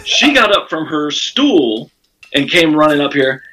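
A man with a bright, forceful voice tells a rowdy story from his stand-up gigs, swearing freely. He jumps into other people's lines, pushing his voice up and louder to act them out, and keeps a loose chatty rhythm full of fillers. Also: fairly high pitch, unhurried, low-quality recording. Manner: animated, profane, acts out quotes with raised voice. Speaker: comedian telling a story. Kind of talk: casual storytelling on a podcast.

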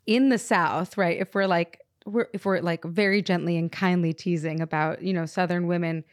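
A woman's voice: lowish voice, fairly even intonation, moderate pace, no echo. A woman hosts a casual interview and keeps it moving with curious, prompting questions. She banters easily with her guest. Her voice is recorded close and dry, with no room sound. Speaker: podcast host.

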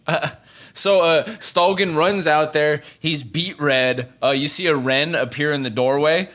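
A man's voice: fairly high pitch, fairly even intonation, unhurried, fairly bright tone. A man narrating a tabletop game as game master, rambling with frequent restarts.

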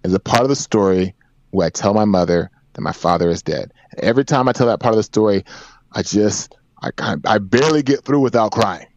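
A man's voice: fairly low pitch, fairly quick, no room sound. A man in his forties, a podcast guest, telling a personal story in an earnest, emphatic way with repeated phrases. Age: 40s. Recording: dry, dull lo-fi sound.

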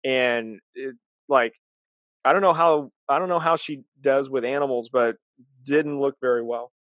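Man, casual talk, earnest, explanatory, medium pitch, dry close sound. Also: measured pace, fairly bright tone, dry recording. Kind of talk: casual chat.

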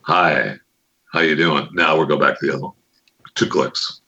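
Deep-voiced joking podcast host man. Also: fairly even intonation, normal speed, gravelly, bright, forceful tone, lo-fi sound. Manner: joking, fiddles with mic settings on air. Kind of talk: casual podcast chat.

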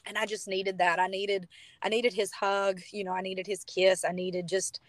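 Young woman, podcast guest, chatty storyteller, dry close sound, mid pitch. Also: normal speed, no room sound. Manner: chatty, animated retelling with lots of fillers. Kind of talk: casual storytelling.

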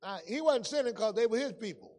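A high-pitched male pastor preaches in a relaxed, storytelling way, shifting from loud bursts to near murmurs. His voice rings out in a big room with a long echo trailing behind it. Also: brisk. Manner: conversational preaching, swings between loud and hushed. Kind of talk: sermon.

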